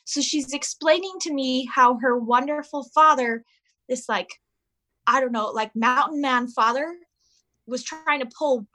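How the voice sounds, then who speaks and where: Bright-voiced woman telling a story. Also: sits high, unhurried. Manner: animated storyteller, acts out voices of her kids. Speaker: podcast guest. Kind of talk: casual chat.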